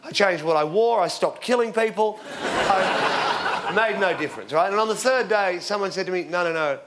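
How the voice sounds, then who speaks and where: An Australian man in his forties doing stand-up comedy, telling rambling deadpan stories with sudden shouted punchlines. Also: high-pitched, normal speed, very noisy. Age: 40s. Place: theatre stage with live audience. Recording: live show with loud crowd laughter.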